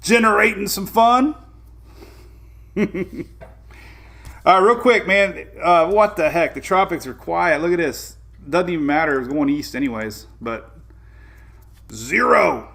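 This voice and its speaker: A man's voice: high voice, a little slow, creaky, long pauses, fairly bright tone. A man with a Southern US accent hosting a casual weather live stream, rambling and greeting viewers by name. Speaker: weather show host.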